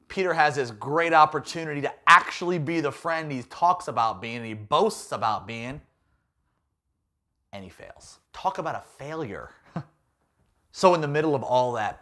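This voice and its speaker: A man's voice: medium pitch, pushed and bright. A man giving a playful, jokey youth talk as a youth pastor.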